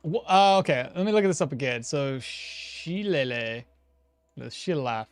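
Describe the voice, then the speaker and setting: A man's voice: a little high, animated, quick pace, no room sound. A man giving casual gameplay commentary, thinking aloud, chuckling often and answering chat as he plays. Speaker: streamer playing a game.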